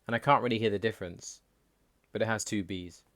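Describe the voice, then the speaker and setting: A man hosting a language channel, reading a scripted explainer in a plain, measured way. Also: lowish voice, fairly bright tone, dry recording. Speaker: language learning channel host.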